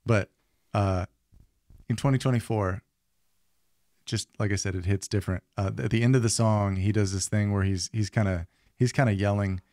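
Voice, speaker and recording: A man's voice: lowish voice, fairly even intonation, normal speed, long pauses, a little mellow, no echo, studio quality. A man co-hosting a podcast in casual chat, rambling with many fillers and restarts. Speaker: podcast co-host.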